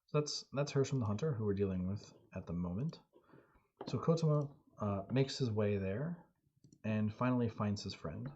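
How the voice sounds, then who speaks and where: A man running and narrating a solo tabletop game on stream, telling the story in a relaxed, halting way. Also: lowish voice, a little hiss or hum. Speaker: game master and solo player. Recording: dull lo-fi audio.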